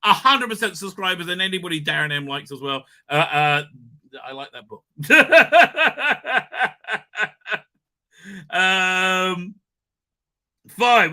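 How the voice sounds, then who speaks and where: Animated, rambling male streamer. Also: on the high side, slow, long pauses. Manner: rambling, animated, laughs often, swears. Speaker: livestream host. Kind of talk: casual live-stream chat.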